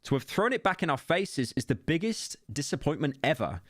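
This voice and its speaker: A man's voice: on the high side, big pitch swings, brisk, fairly bright tone, no echo, studio quality. A young British man streaming, reading posts aloud and reacting with wry, mocking commentary and laughs.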